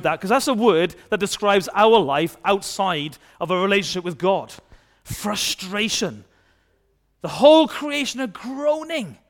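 A man preaching a children's sermon, asking the kids questions and acting out playful voices. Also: high voice. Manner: lively, asks children questions and acts out silly kid voices.

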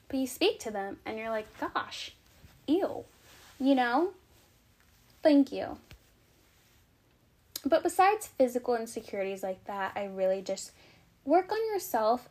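A woman's voice: a little high, darkish tone. A young adult woman vlogging casual advice, chatty and frank, out of breath. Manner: chatty, frank, filler-heavy.

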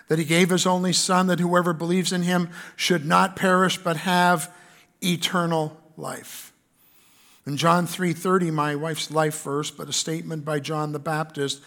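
A pastor with a Canadian accent preaching a sermon in an earnest way, reading scripture aloud with fillers. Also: male voice, sits high, a bit bright.

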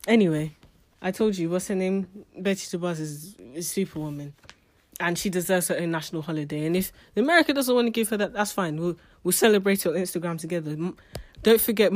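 A woman's voice: lowish voice, a little mellow. A woman giving a casual spoken book review, chatty and emotional, often restarting her sentences.

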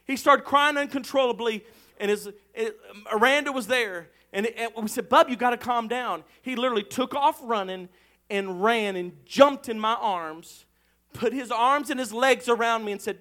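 A male pastor, preaching an impassioned sermon that swells into shouted exhortation. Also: extremely high pitch, moderate pace.

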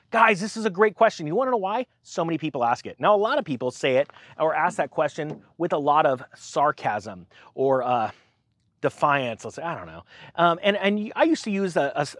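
A man hosting a finance channel, talking casually to camera in an animated, rambling way with sarcastic asides. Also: a little high, no echo.

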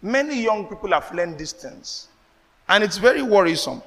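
A man with a Nigerian accent, preaching a sermon as pastor, animated, slipping into pidgin asides and laughing. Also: high-pitched, normal speed, vocal fry, big-room sound. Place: church.

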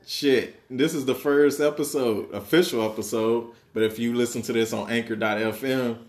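A young man hosting a podcast, chatting in a relaxed, joking way full of slang. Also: medium pitch, normal speed. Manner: laid-back, joking, slangy. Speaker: podcast host. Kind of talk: casual chat.

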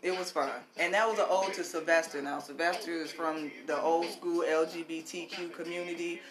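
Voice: mid-range voice, moderate pace, crowd noise. A host in casual conversation, talking expressively and often saying "look" and "baby.". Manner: expressive, animated, says "baby" and "look" a lot. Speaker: show host. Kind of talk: casual chat.

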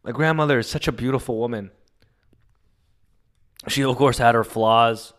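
A man's voice: medium pitch, normal speed, fairly bright tone. A man hosting a solo podcast, talking in an emotional, confessional and rambling way. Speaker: podcast host. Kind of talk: casual solo podcast monologue.

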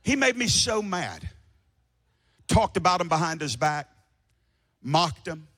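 Forceful preacher, impassioned. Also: male voice, on the high side, big pitch swings, slow pace, slightly rough. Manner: impassioned, swings from shouting to hushed. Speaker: pastor. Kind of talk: sermon. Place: church before a congregation.

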